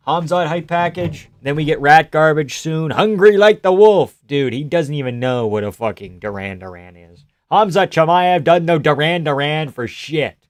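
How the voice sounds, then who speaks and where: A male streamer talks his way through a fight card in loose, unscripted commentary. His voice sits a little higher than most men's, and his remarks come out sarcastic, blunt and full of swearing. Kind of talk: casual live fight-watching commentary.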